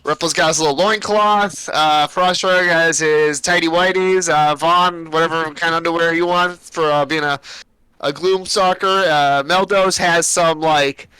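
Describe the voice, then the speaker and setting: A man's voice: fairly high pitch, fairly even intonation, unhurried, bright, forceful tone, smooth, no echo, rough recording. A man narrating as game master in a casual, rambling way, full of fillers.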